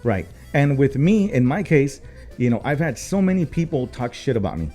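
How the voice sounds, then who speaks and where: A man's voice: medium pitch, big pitch swings, moderate pace, mellow, faint music behind. A man, co-hosting a casual talk show and telling a long story, with many fillers, swearing and switches into Spanish. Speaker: co-host.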